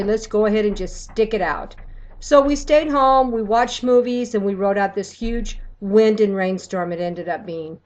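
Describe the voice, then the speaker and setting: A middle-aged woman from Texas, telling a personal story on her video blog in an emotional, animated way. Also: medium pitch, muffled recording. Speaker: vlogger.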